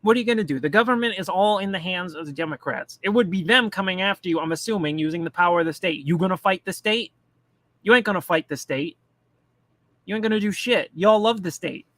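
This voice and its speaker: Profane, mocking man with a high voice. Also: a little fast, fairly bright tone, no room sound. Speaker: commentary streamer. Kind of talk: casual political rant.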